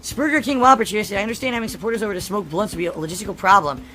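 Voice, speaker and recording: A man's voice: high-pitched, racing, pushed and bright, soft background music. A man live streaming, reading viewer tips aloud and answering them in a defensive, dismissive way, heard as a clip played back.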